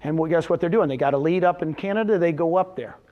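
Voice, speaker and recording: An energetic middle-aged man giving a motivational business talk, firing questions at the audience and answering them himself. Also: on the high side, fast, highs cut off. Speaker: real estate brokerage executive speaking at a company event.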